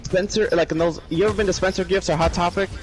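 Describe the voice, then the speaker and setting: A man chatting on a podcast while gaming, blunt, profane and excitable. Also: sits high, fast, faint music behind, rough recording. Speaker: podcast co-host.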